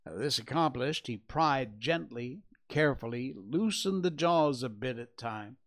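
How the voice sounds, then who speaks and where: Slow, measured male storyteller. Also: medium pitch, lively intonation, a bit bright. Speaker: host reading a novel aloud. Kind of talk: storybook reading aloud.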